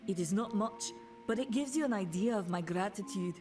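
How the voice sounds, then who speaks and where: A woman's voice: mid-range voice, close to an everyday voice. An actress voicing a grateful village woman who keeps a shop in a fantasy game, speaking formally. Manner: formal, measured. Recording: game audio with music behind.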